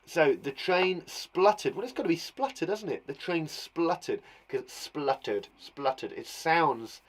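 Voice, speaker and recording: A man's voice: fairly high pitch, animated, measured pace. A man teaching young children online, chatty and thinking aloud as he acts out the sounds of words. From England. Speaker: primary school teacher.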